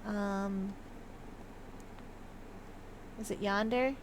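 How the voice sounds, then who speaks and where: A woman's voice: mid-range voice, steady tone, drawn-out words, slight background noise. A young woman casually commenting as she plays a video game, playful and chatty, sometimes reading notes aloud in a mock old-fashioned manner. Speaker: gaming video host. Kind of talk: casual let's-play commentary.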